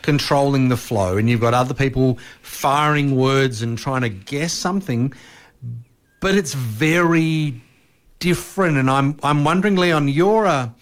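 A man's voice: mid-range voice, unhurried. A man co-hosting a podcast, asking questions in a thoughtful, slightly hesitant way. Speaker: podcast co-host. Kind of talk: casual chat.

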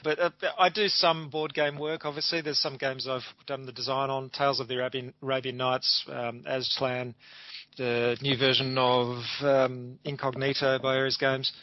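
A man's voice: mid-range voice, little pitch movement, moderate pace, no room sound. A middle-aged man, a graphic designer, answering interview questions in an enthusiastic, chatty way with frequent ums. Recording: dull lo-fi dry sound.

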